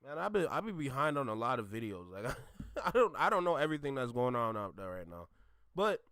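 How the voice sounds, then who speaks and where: A man's voice: medium pitch, very animated, fairly quick, fairly bright tone, no echo, clean studio sound. A man hosting a reaction channel, ranting casually in an emphatic, slangy way and repeating himself.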